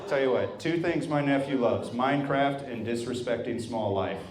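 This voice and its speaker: A man in his thirties, a stand-up comic, works a live brewery crowd with a mid-range voice at a moderate pace. His humor is wry and self-mocking, delivered conversationally, and the recording picks up an echoey room and the audience.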